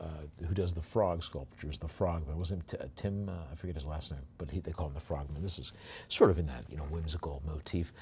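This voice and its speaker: A man's voice: deep voice, darkish tone, breathy edge. A man working as an auctioneer at a live sale, describing each lot with chatty, rambling asides and then rattling off bid calls.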